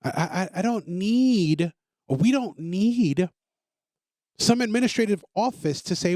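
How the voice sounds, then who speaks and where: A man with a high, very lively voice that swings up and down as he pushes his points. He talks emphatically, circles back on his phrases and stumbles over restarts. The sound is dry and close, with no room around it. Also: measured pace, no echo. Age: adult parent. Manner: emphatic, repetitive, stammers on restarts. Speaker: podcast host. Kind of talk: opinionated monologue.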